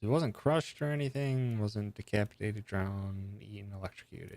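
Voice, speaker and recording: A man's voice: on the low side, fairly even intonation, normal speed, hardly any pauses, a little mellow, no room sound. A man streaming a game, musing aloud as he works through its puzzles in casual commentary.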